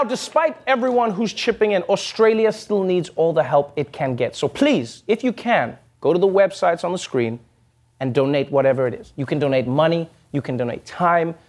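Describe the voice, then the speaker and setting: A man with a fairly high voice hosts a comedy show, reading scripted jokes and laughing along with them. A faint ambient hum sits under his voice. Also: a little mellow. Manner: joking, laughing between punchlines.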